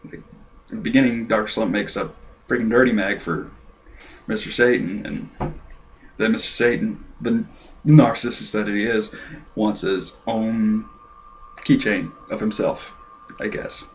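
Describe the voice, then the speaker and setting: A man giving a casual, rambling review of an anime episode and clearing his throat often. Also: on the low side, steady tone, a little slow, pauses often, a little hiss or hum.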